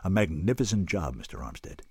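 A man reading an audiobook, voicing a calm male military officer who speaks quietly and formally. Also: deep voice, fairly quick, slightly rough, no echo, studio quality, full character voice. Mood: grave.

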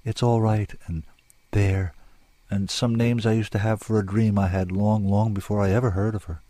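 A man with a low, grounded voice narrates a dramatic story. His reading is intense and lyrical, with a sombre weight behind it. The recording is dry and close. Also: darkish tone, no echo.

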